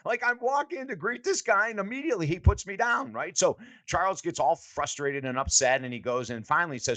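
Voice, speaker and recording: An older man, a sports psychology coach, telling lively stories in a podcast interview and acting out the quotes. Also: a little high, fast, hardly any pauses. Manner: animated storyteller, acts out quotes.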